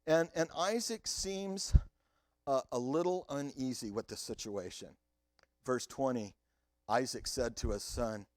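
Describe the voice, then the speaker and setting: A man preaching a sermon as pastor, animated and speaking directly to his listeners. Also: mid-range voice, a little slow, no room sound, studio quality. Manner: animated, talks straight to the congregation.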